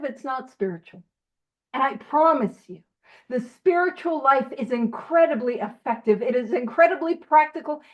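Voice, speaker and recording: A woman leading a recovery study over a video call, animated and self-teasing, asking question after question. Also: high-pitched, highs cut off.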